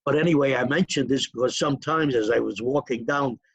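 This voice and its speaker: Gravelly older New man reminiscing. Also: mid-range voice, fairly quick, no echo. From New York. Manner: rambling, digressive storytelling with chuckles. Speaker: interview guest. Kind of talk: reminiscing in a casual interview.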